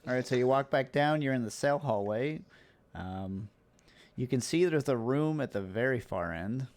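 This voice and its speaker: A man narrating and explaining rules as game master of a tabletop game, in a relaxed, patient way. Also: medium pitch, normal speed.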